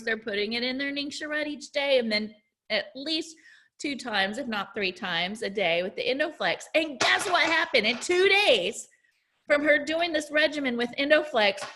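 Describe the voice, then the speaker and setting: Sharing stories full of faith, this high-voiced woman in her forties speaks as an essential oils educator. Her testimonial is animated and full of exclamations.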